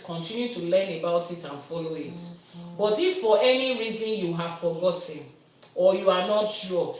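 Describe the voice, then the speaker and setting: A woman, a priestess teaching and answering viewers' questions with everyday comparisons. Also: fairly low pitch. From Nigeria. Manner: explains with everyday comparisons, lively teacherly delivery. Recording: roomy sound from a distant mic.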